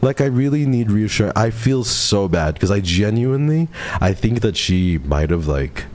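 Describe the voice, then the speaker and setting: Young guy streamer rambling to chat, kinda low voice, says like a lot, swears, calls everyone bro. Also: big pitch swings, normal speed, darkish tone. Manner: rambling, flustered, heavy on "like" fillers; swears casually, addresses chat as "bro" and "guys". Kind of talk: casual storytelling to chat.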